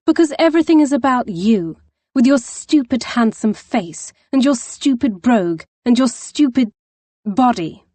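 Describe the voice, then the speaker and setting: A woman's voice: a little high, expressive, a little slow, mellow, no room sound, pitched above the performer's own voice. A woman voicing a distraught young woman who is an older sister, tearful and defensive. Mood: upset.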